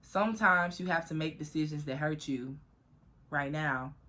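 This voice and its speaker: Young female vlogger with a low voice; chatty, profane story told straight to camera. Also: moderate pace. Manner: profane, animated, chatty, addresses viewers as y'all.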